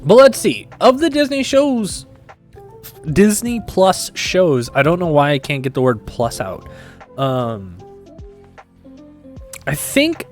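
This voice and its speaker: A young male streamer talking to his chat, his pitch jumping around in a lively, animated way. He rambles, swears freely and restarts sentences often, with faint music playing underneath. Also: slow pace, pauses often. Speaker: Twitch streamer. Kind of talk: casual stream chat, reading and answering chat.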